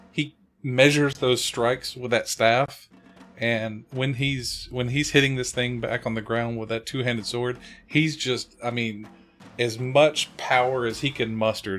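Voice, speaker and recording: A man's voice: mid-range voice, fairly bright tone. A man playing a tabletop role-playing game, talking in a rambling, hesitant way with many fillers. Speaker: player. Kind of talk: casual tabletop play.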